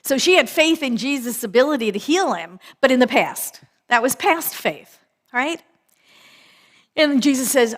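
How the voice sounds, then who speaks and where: A woman minister giving a conversational sermon, repeating phrases for emphasis, slowing on key words and often asking "right?". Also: sits high, lively intonation, fairly bright tone.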